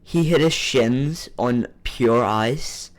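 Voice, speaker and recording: Young man chiming in, mid pitch. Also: very slow. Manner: interjecting, questioning. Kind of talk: casual reaction chat.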